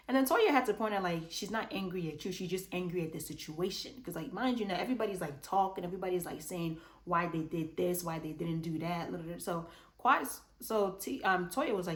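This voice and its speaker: A woman casually recapping a reality show episode, chatty and animated, acting out what the cast said. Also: fairly low pitch, moderate pace. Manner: chatty and animated, acts out quotes. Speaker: reality TV reviewer.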